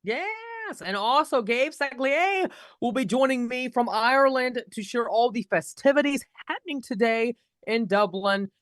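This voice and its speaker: Male live-TV host, giggly and unsure, lively pitch, dry mic, faint music. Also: measured pace, no echo. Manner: giggly, hesitant, restarts when unsure. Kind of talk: live show hosting banter.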